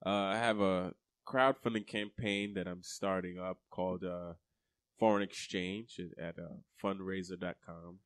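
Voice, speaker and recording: Low-voiced hesitant male guest, lots of fillers, dry close sound. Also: fairly even intonation, a little slow, clean tone, no room sound. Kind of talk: casual podcast chat.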